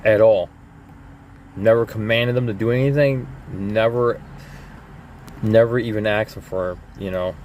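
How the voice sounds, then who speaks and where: A man's voice: fairly low pitch, fairly even intonation, a little slow, long pauses, a little mellow, a little hiss or hum. A young man talking casually on a live stream from his van, rambling and repeating himself with many "you know"s. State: coughing lately. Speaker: vlogger.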